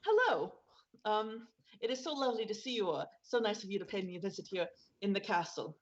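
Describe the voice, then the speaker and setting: A woman's voice: medium pitch, lively intonation, a little fast, dull audio, lightly acted. A woman voicing a nervous noble duchess who greets guests with put-on cheer. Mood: falsely cheerful.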